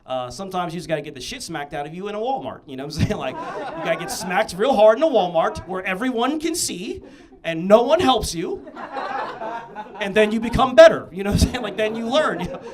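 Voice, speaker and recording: A young man performing a stand-up comedy set on a club stage, telling stories in an animated way with punchy asides. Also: high voice. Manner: animated storytelling with punchy asides and frequent "you know what I'm saying".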